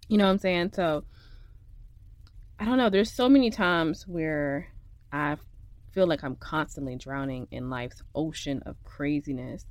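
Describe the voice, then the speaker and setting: This podcast host is a young woman recording in a makeshift home studio with no room sound, her fairly low voice moving at a moderate pace. She delivers a casual monologue, venting with emotion and laughing through her frustration.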